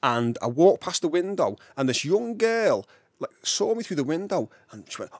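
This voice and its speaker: A man from England with a Liverpool accent, a podcast guest telling his story in a lively, animated way and laughing often. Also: fairly high pitch, normal speed, dry recording, clean studio sound. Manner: animated, laughs often, acts out voices in anecdotes. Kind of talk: casual storytelling interview.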